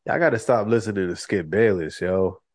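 A man's voice: on the low side, normal speed, darkish tone, no echo, clean studio sound. A man co-hosting a podcast in casual chat, laid-back and agreeable, often chiming in briefly. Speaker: podcast co-host.

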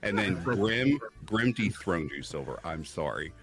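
A man chatting as a guest on a live stream, animated, teasing the others and laughing a lot. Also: deep voice, a little slow. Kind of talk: casual group chat on a live stream.

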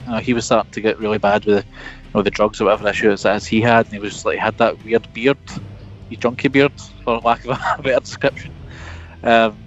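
A man in casual podcast chat, blunt and opinionated, with a mid-pitched voice. His audio sounds a little dull and lo-fi. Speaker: podcast co-host.

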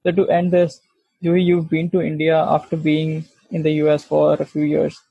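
Gravelly flat-voiced man on a phone-like line. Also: a little high, dry recording. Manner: blunt, unhurried, wry remarks. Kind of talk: casual chat. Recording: phone-like dry recording.

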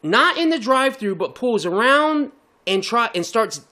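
With an extremely high-pitched voice and a moderate pace, this podcast co-host recounts a story in casual talk. His storytelling is animated and heavily laced with profanity.

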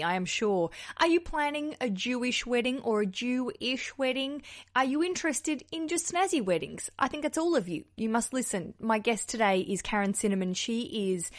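A young woman with an Australian accent, hosting a podcast in a bubbly, joking tone. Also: fairly high pitch. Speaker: podcast host. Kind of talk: casual podcast chat.

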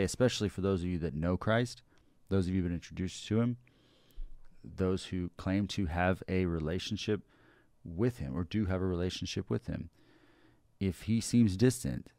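A man with a deep, gravelly voice talks through scripture in a casual devotional chat. His delivery is earnest and a little preachy. The sound is dry and close. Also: a little mellow, no echo. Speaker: co-host of a lunchtime devotional show.

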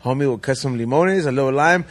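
A man, hosting a podcast and telling stories in quick, profane, slang-heavy chat. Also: medium pitch. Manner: fast, slangy, profane chatter. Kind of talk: casual chat.

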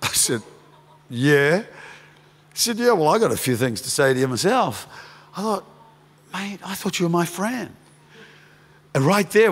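Brief: middle-aged male pastor, high and bright, impassioned sermon, long hall reverb. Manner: impassioned, rises to shouting then drops to hushed storytelling.

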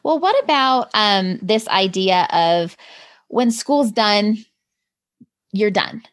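Woman in her forties, podcast host, chatty and confessional, mid pitch. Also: animated, takes it slowly. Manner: chatty, confessional, laughs easily. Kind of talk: casual chat.

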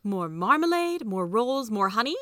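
A woman's voice: fairly high pitch, very animated, moderate pace, fairly bright tone, no room sound, clean studio sound. Woman doing a fussy, proper storybook mother. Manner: proper, fretting. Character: fussy, kindly middle-aged mother.

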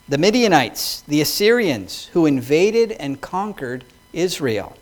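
A man's voice: fairly high pitch, very animated, unhurried. Emphatic man preaching a sermon. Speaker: pastor.

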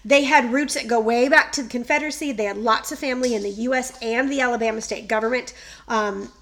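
Middle-aged woman, podcast co-host, chatty storyteller, slightly high voice. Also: steady tone, fast talker, fairly bright tone. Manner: chatty, storytelling, laughs often. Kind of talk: casual chat.

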